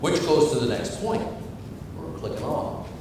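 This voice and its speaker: A man preaching a sermon as pastor, animated and acting out the prayers and apologies he quotes. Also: fairly high pitch, measured pace, background noise. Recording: long reverb of a large hall.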